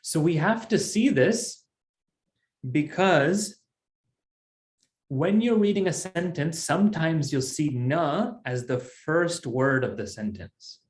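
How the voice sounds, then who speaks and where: A man's voice: fairly high pitch, expressive, slow pace, echoey room. A man teaching a Sanskrit class, explaining patiently step by step. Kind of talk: online language class.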